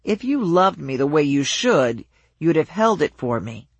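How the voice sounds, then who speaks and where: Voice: medium pitch, very animated, dry recording. A narrator doing a slurring, domineering drunk husband. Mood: angry scolding. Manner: slow and demanding.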